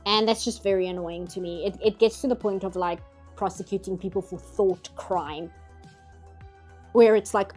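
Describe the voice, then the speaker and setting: A woman's voice: mid-range voice, steady tone, normal speed, darkish tone, soft background music. A woman, hosting a casual livestream chat and talking easily with frequent laughs. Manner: chatty, laughs often, mock outrage. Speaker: livestream host.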